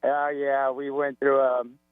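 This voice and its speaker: A man's voice: medium pitch, completely flat delivery, slow pace, clean tone, no room sound. A man calling in to a sports radio show, hungover, rambling and joking. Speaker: radio caller. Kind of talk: casual phone call to radio show. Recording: tinny phone line with hum.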